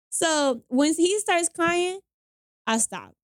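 A woman's voice: high-pitched, very slow, no room sound, clean studio sound. Young woman animatedly retelling a breakup. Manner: animated retelling with quoted voices and slang. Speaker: storyteller guest. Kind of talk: casual chat.

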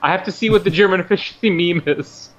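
A man's voice: sits high, quick pace, fairly bright tone, lo-fi sound. A man co-hosting a casual film commentary chat, teasing and laughing with his co-host. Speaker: podcast co-host.

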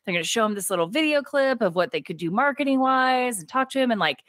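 A woman co-hosting a podcast, animatedly retelling a film's plot in casual chat and slipping into quick voiced quotes of the characters. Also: on the high side, expressive, a bit bright, no room sound, clean studio sound. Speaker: podcast co-host. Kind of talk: casual movie recap chat.

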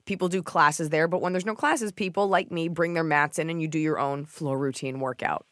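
A woman hosting a podcast, telling stories in a casual comedic chat, swearing and mimicking people in a shrill voice. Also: brisk, no room sound, clean studio sound. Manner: animated storytelling, swears freely, mimics others in a shrill voice. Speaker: podcast host.

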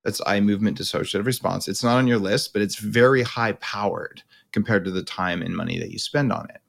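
A middle-aged man coaches his podcast guest, holding forth bluntly and informally at length. His voice runs low, a bit bright and creaky, and his delivery is brisk.

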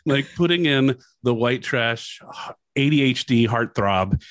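A man's voice: medium pitch, animated, a little slow, a bit bright, no room sound. A man co-hosting a casual podcast chat, rambling along and laughing often.

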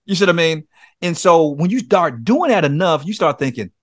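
A man's voice: fairly high pitch, expressive, brisk, no room sound, clean studio sound. A man speaking as a guest, earnestly telling a personal story and acting out his own pleas. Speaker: podcast guest, men's coach. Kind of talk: conversational testimony.

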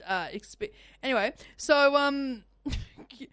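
A woman's voice: high voice, slow pace, a bit bright, no echo, clean studio sound. Chatty woman radio host. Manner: chatty, rambling, self-interrupting. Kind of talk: casual radio chat. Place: radio studio.

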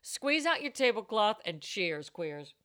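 A woman's voice: medium pitch, sing-song, a little slow, a bit bright. A woman hosting a cocktail show, reading tasting notes and bantering in a brash, wisecracking way. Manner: brash, wisecracking, bursts of laughter.

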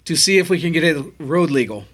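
A man's voice: a little high, lively intonation, fast, a bit bright, breathy edge. A man co-hosting a podcast, reading a listener letter aloud in a playful way. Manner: playful, laughing through mock accents. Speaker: podcast co-host.

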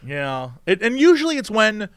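A man's voice: high voice, normal speed, clear, resonant tone, no room sound, clean studio sound. A man telling a story in casual chat, acting out other people's lines. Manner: animated, acts out people's lines in mimicked voices. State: tired from no sleep. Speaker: podcast co-host.

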